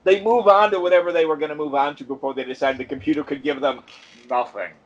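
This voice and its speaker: A man's voice: on the high side, steady tone, fast. A man co-hosting a casual podcast, rambling through his ideas with lots of asides. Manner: rambling, thinks aloud with many asides. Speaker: podcast co-host. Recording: dull lo-fi podcast audio.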